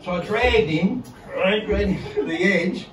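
A middle-aged man from Victoria, Australia, performs crude, meandering stand-up in a casino comedy room, swearing nonstop and cracking up at his own jokes. His voice sits high and his pace is unhurried. The live recording is roomy and distant, with a loud crowd and slight background noise.

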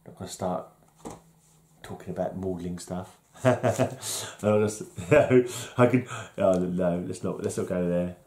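A man's voice: low-pitched, slow pace, darkish tone. Chuckling, rambling man. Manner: rambling, chuckling, self-deprecating. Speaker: vlog host. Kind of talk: casual solo vlog chat.

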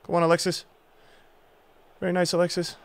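A young man commentating his own football video game match as a streamer, swinging from low muttering to loud outbursts. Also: monotone, fairly quick. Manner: emotional, swings from muttering to shouting. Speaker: gaming streamer. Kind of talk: live gameplay commentary.

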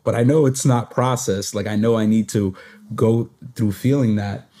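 A young man in a podcast conversation with a deep, mellow voice. He shares personal experiences hesitantly, pausing and restarting often. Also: steady tone. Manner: hesitant, many fillers and restarts. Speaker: podcast host. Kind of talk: reflective conversational sharing.

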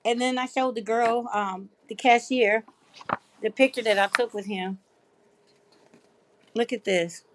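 A woman's voice: fairly high pitch, steady tone, a little slow, pauses often, noisy background. A middle-aged woman, hosting a live craft stream and chatting casually with her viewers as she reads their comments. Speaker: craft livestream host. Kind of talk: casual livestream chat.

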